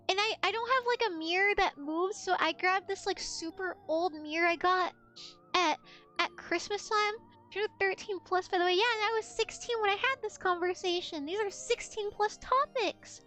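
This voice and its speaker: A young woman streamer telling a crude story in casual chat, acting out the people she quotes with loud outbursts. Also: very high voice, moderate pace. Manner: crude, animated, acts out quoted friends with rising outbursts.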